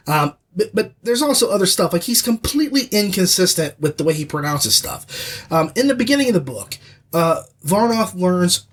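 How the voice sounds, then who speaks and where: A man hosting a podcast, giving a casual, opinionated audiobook review in an animated, rambling way with lots of restarts. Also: fairly high pitch.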